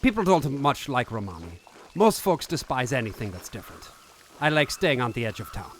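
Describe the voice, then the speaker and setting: Man putting on a roaming tinker, odd made-up accent, lively pitch, faint hiss behind. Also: brisk, natural voice. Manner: put-on vague foreign-sounding accent, earnest. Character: wandering male tinker, soft-spoken outsider. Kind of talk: live voice-over of a game.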